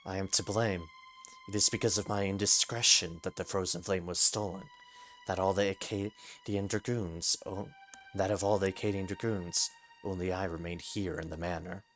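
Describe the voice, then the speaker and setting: Brief: a man playing a broken old knight in a game, deep and mournful, slow and halting. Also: steady tone, fairly bright tone, faint music behind. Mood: remorseful. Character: frail old male knight, guilt-ridden and confused.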